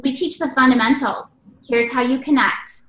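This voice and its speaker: Casting note: high, bright, energetic woman delivering a motivational stage talk in an echoey room. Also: moderate pace. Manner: energetic, preachy, exclamatory. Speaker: network marketing speaker.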